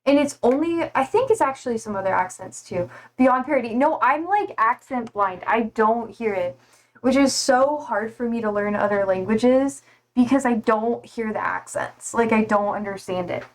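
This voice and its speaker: A woman's voice: on the high side, moderate pace. A woman streamer chatting casually and reading chat, rambling and laughing at herself. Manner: rambling, laughing, self-deprecating.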